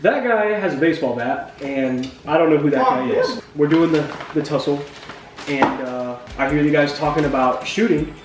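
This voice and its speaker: A man telling a funny personal story, with jokey deadpan asides and acted-out sound effects. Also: fairly high pitch, normal speed, noisy background. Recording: roomy echo from a distant mic with music behind.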